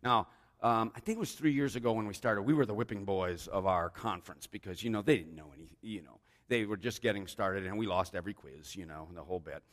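A man's voice: on the low side, fast, fairly bright tone, big-room sound. A man preaching a sermon as pastor, rambling with joking asides.

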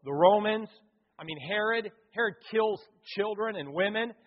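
A man preaching a conversational, animated sermon as a pastor in a church. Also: sits high, normal speed. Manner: conversational, animated, acts out quotes and sings. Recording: echoey hall, thin phone-like sound.

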